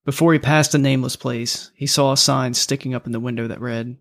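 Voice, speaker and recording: Male audiobook narrator, mid pitch, gravelly, loose and profane. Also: steady tone, a little fast. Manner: casual, profane storytelling.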